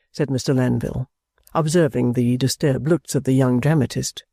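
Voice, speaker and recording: A man's voice: mid-range voice, fairly even intonation, brisk, gravelly, warm tone, no room sound, studio quality. Man reading a classic novel aloud. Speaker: audiobook narrator. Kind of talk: scripted narration.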